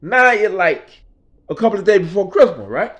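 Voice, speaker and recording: A man's voice: sits high, big pitch swings, normal speed, fairly bright tone. A man telling a story in a casual rant, emphatic and profane, in street vernacular. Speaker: vlogger.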